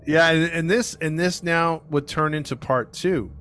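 A man hosting a true crime podcast, telling the case in a casual, animated way and acting out what people said. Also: a little high, unhurried, faint music behind. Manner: animated, acts out quoted people, laughs often. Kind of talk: casual storytelling.

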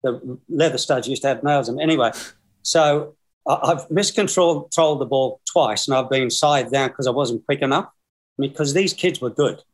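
Over a video call, an Australian guest in his sixties tells long, meandering stories and laughs as he goes. His voice is medium-pitched and his pace moderate, the talk casual and anecdotal.

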